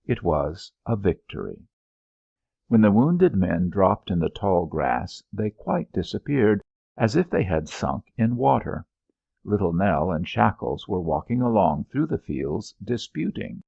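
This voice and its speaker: A man narrating an audiobook in a measured, expressive storytelling manner. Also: low-pitched, vocal fry, husky, dry recording, highs cut off.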